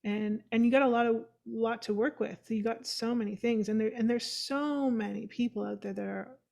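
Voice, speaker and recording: A woman's voice: on the high side, steady tone, vocal fry, a little mellow. Chatty, encouraging woman host. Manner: encouraging, chatty, quick to laugh. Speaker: podcast host. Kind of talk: casual chat. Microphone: video call.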